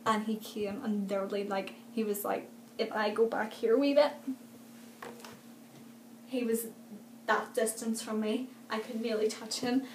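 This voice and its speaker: Young woman, bright higher voice, chatty gushing vlog talk, echoey room, faint hiss. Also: little pitch movement, measured pace, long pauses. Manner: chatty and gushing, many fillers, laughs often. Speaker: vlogger. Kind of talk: excited casual vlog chat.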